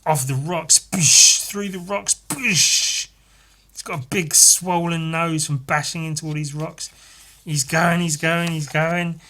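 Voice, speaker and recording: A man hosting a podcast, casually retelling a picture story in an animated, sweary, laughing way. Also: sits high. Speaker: podcast host.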